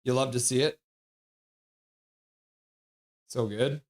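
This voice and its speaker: A man hosting a live hockey stream, calling play-by-play and reading chat aloud, excitable and prone to chanting and yelling. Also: mid-range voice, moderate pace, few pauses.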